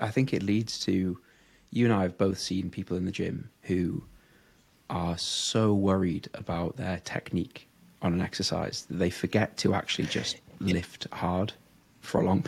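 Deep gravelly man in casual chat. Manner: chatty storytelling, frequent "like" fillers and laughs. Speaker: podcast co-host, powerlifter.

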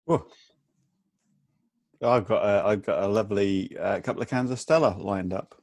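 A man's voice: lowish voice, normal speed, darkish tone, dry recording, clean studio sound. A middle-aged man at home bantering bluntly on a podcast over a video call. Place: home in Aberdeen.

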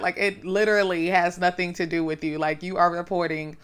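A laid-back woman chatting on a podcast, with a smooth, clear voice pitched on the low side. She laughs easily and keeps her tone relaxed. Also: fairly quick. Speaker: podcast co-host. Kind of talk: casual chat.

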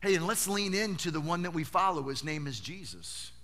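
A man preaching a sermon as a pastor, animated and conversational, often asking rhetorical questions and repeating words as he goes. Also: fairly high pitch, fairly quick.

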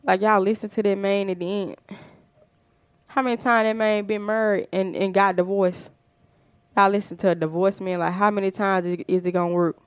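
A fired-up woman holds a casual podcast monologue, emphatic and full of rhetorical questions. Her voice is smooth and resonant. The sound is dry and close. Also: medium pitch, fairly even intonation, moderate pace, dry recording. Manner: fired-up, emphatic, frequent "you know what I'm saying". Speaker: podcast host.

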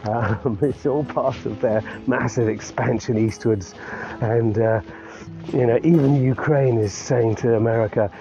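A man's voice: mid-range voice, fairly even intonation, unhurried, warm tone. Chatty man rambling on a dog walk. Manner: chatty, laughs often, many restarts. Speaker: podcaster. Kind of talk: rambling casual monologue. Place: outdoors walking a dog in a valley. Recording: muffled recording with clear music behind.

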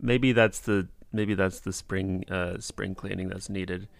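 A man's voice: low voice, fairly even intonation, measured pace, vocal fry, background noise. A man hosting a casual streamed podcast, talking in a laid-back, rambling way and laughing often. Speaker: podcast host.

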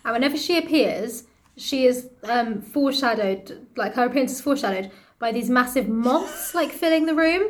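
A high-pitched woman chats and teases playfully on a casual podcast, throwing in jokes and short stories. A clear hiss sits under her voice in the recording. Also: expressive, moderate pace. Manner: playful, teasing storyteller. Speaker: podcast co-host. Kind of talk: casual chat.

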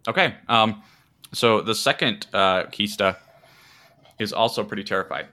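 A man's voice: lowish voice, normal speed, bright, forceful tone. A man narrating a tabletop game as game master, hesitant and playful, with many fillers.

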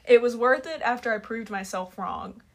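Young woman podcast host, highish voice, chatty and giggly. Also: normal speed. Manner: animated, laughs often. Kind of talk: casual chat.

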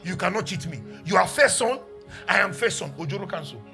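Male pastor, animated high-pitched preacher, bursts loud then drops to teaching tone. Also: fairly quick, vocal fry, music in the background. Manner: emphatic preaching, swings from loud exclamations to quiet teaching. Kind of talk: sermon.

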